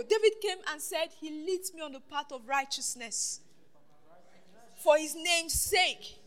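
High, bright-voiced woman preaching. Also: unhurried. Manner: call-and-response questioning the congregation; swings between loud declarations and hushed asides. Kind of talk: sermon.

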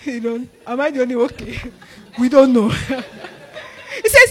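High-voiced woman preaching. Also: measured pace. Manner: animated, laughing often, acting out quoted disciples. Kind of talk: sermon.

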